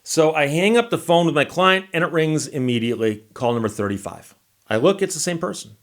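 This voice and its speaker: A man's voice: fairly high pitch, expressive, a little fast. A man, a lawyer hosting his own channel, telling a story in a casual, wry and exasperated way.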